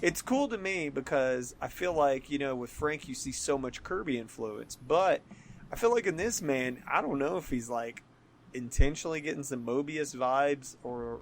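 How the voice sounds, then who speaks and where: A man's voice: medium pitch, slight background noise. A man co-hosting a podcast, chatting casually about comics, laid-back, laughing often and swearing loosely. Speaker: podcast co-host.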